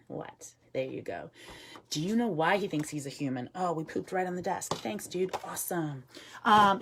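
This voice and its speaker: A woman with a low voice gives a relaxed live talk as a wildlife educator, filling her sentences with ums. She answers viewers' comments and murmurs soft asides to the bird beside her. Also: slight background noise. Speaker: wildlife educator with an animal ambassador.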